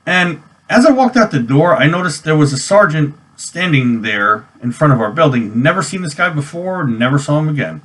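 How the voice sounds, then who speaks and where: In a sing-song, slightly high and fairly bright voice, a forties-aged New Yorker and army veteran vlogger shares a personal army story at normal speed, barely pausing. He tells it casually and loosely, with plenty of fillers and restarts.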